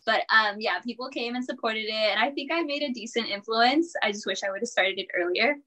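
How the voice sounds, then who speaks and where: A woman's voice: on the high side, a little fast, bright, forceful tone, rough recording. A woman in her twenties, a college student and personal trainer, chatting casually as a podcast guest, upbeat and full of little laughs and fillers. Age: 20s. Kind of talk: casual interview chat.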